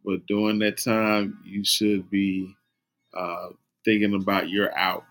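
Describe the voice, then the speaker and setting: Halting, earnest male co-host. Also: on the low side, little pitch movement, fairly bright tone, faint music behind. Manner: halting, restarts a lot, earnest. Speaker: podcast co-host. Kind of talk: casual advice chat.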